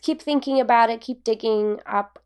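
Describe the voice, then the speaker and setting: A woman's voice: on the high side, normal speed, darkish tone, clean tone. A woman co-hosting a podcast in casual chat. She talks in a giggly, rambling way with lots of fillers. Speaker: podcast co-host.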